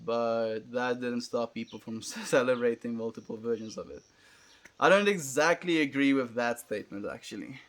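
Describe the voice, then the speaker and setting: A man's voice: mid-range voice, normal speed. South african man chatting on a livestream. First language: Afrikaans. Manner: relaxed, musing, chatty. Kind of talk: casual livestream chat, reading and answering viewer comments.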